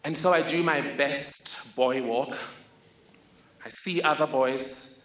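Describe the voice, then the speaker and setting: A man's voice: mid-range voice, slow pace, fairly bright tone. A young man telling a wry, vivid personal story on stage. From South Africa. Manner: vivid, wry, self-mocking. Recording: echoey hall, faint ambience.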